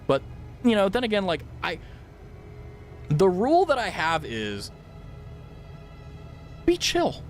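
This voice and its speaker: A young man streaming a game and telling a rambling, swear-heavy story in casual chat, laughing loudly at times. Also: high-pitched, slow pace, long pauses, soft background music. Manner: animated, loud laughs. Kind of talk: casual chat while gaming.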